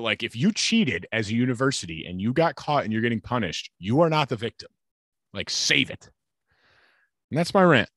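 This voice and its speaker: A man's voice: medium pitch, fairly bright tone, no echo, studio quality. A man co-hosting a podcast, ranting hotly and cursing, mocking others in quoted voices. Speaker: podcast co-host. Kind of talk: ranting casual chat.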